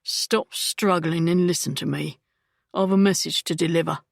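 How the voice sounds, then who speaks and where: A bossy street thug with rough, threatening speech and a sneer in every line, as a woman narrator puts him on. The voice is gravelly and close, on a dry recording. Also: lowish voice, steady tone, normal speed, no echo. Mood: menacing. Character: rough-spoken male thug, menacing and bossy.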